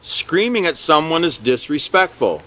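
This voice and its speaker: A man's voice: a little high, very animated, moderate pace, bright, forceful tone. A man teaching a character education class in a conversational lecture style, often checking in with "you know" and "okay" and chuckling along the way.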